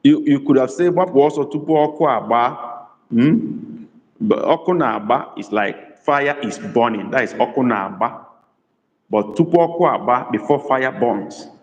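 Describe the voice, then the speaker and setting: Male language tutor, mid-pitched, patient and repetitive, reverberant room. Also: lively intonation, muffled recording. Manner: slow, deliberate repetition of sentences; reads out viewers' comments. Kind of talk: live online lesson.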